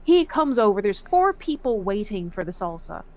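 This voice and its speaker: A woman who served in the Navy, telling profane, animated stories in a casual voice chat. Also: mid-range voice, normal speed, dull audio. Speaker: Navy veteran storyteller.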